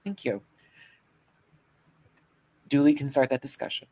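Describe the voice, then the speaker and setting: A man hosting a casual panel chat, sassy and animated, with quick asides. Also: mid-range voice. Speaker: host.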